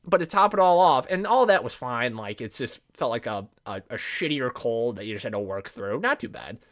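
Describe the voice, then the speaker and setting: A man's voice: mid-range voice, expressive, normal speed, fairly bright tone. A man hosting his own podcast alone, talking casually in a brash, profane, rambling way full of asides. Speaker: podcast host. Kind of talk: casual solo podcast monologue.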